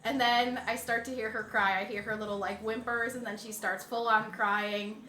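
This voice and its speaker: A woman's voice: a little high, normal speed, a little hiss or hum. A young adult woman animatedly telling a personal story in a casual chat. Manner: animated, lively retelling. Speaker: streamer's partner, co-host. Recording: roomy echo.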